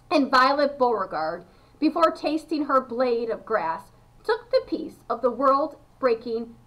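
A woman reading a children's novel aloud to pupils, expressive, with a few slips and restarts. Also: fairly high pitch, poor audio.

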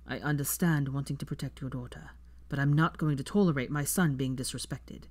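A fan fiction reader voicing a protective, intense young man in low, hushed tones. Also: steady tone, a little fast, no echo, natural voice. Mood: cold.

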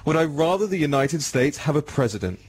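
A man's voice: a little high, sing-song, brisk, breathy edge. A man with an English accent hosting a talk radio show, speaking emphatically and addressing listeners directly.

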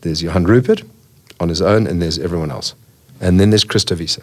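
A man's voice: deep voice, a little fast, darkish tone. A middle-aged man, a podcast guest, telling chatty, frank anecdotes about people he has met. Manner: chatty storyteller, frank and name-dropping. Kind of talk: podcast interview, anecdotal storytelling.

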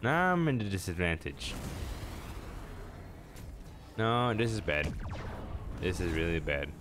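A young man with a low voice gives live commentary over his own game at home. His pitch swings widely as he jokes at himself and taunts opponents. Faint noise sits behind him. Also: slow pace. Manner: animated, self-mocking, talks to opponents. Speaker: gaming channel host.

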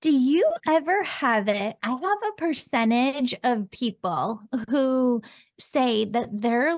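A woman's voice: on the high side, no room sound, studio quality. A woman hosting a casual interview as a medium, affirming her guest and asking open questions. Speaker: podcast host and medium.

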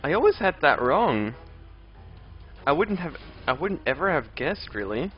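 His voice a little high and very animated, a young streamer keeps a measured pace while commenting on his game live. He chats, reads and answers viewers' messages, and vents exasperated outbursts at enemies, over dull lo-fi audio with faint game music.

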